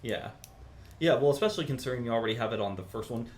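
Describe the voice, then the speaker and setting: A man teaching a private composition lesson, explaining in a relaxed, chatty way with many ums. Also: mid-range voice, very fast. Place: university music lesson room.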